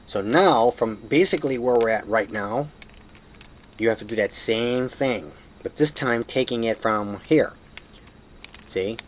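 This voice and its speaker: A man's voice: mid-range voice, a little slow, slight background noise. A man casually walking through a puzzle tutorial at home, self-deprecating and apologetic as he fumbles, recorded on a camera mic. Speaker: hobbyist showing a puzzle solve.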